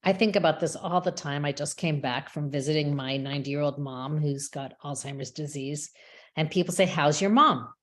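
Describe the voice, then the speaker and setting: Woman, low voice, measured reflective reading, webinar talk. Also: fairly even intonation. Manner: measured, reflective delivery with small restarts. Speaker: rabbi and chaplain speaker. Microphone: webinar microphone.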